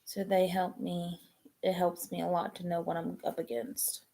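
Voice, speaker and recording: A woman, chatting casually on a live stream, rambling and halting with many ums and restarts. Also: lowish voice, completely flat delivery, gravelly, dark tone. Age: 20s.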